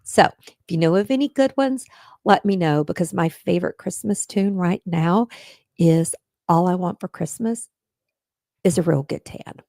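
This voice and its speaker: A woman's voice: fairly low pitch, moderate pace, creaky, warm tone, no room sound. A woman hosting a casual true-crime live stream, chatting straight to viewers and making earnest pleas. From Texas. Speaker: podcast host.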